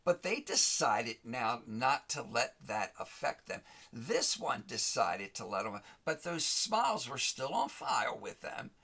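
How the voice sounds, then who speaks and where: A man giving a motivational talk in a gravelly, slightly husky voice that swings widely in pitch. His tone is bright and forceful. He drives his points home by repeating and rhyming phrases and speaking straight to the listener. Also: big pitch swings, unhurried, hardly any pauses. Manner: emphatic, repeats and rhymes key phrases, addresses listener directly. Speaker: host of a motivational show.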